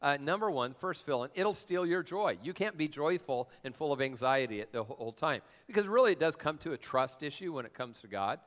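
A man's voice: on the high side, lively intonation, normal speed, hardly any pauses, fairly bright tone. A middle-aged man preaching a sermon as pastor, telling stories in a loose, joking, conversational way. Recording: long reverb of a large hall.

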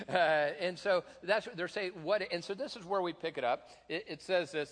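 A middle-aged man, a pastor, preaches a sermon in a church sanctuary, talking conversationally and joking, with lots of fillers and restarts. His voice sits high and fairly bright, and he moves at a moderate pace with hardly any pauses. The recording carries the long reverb of a large hall.

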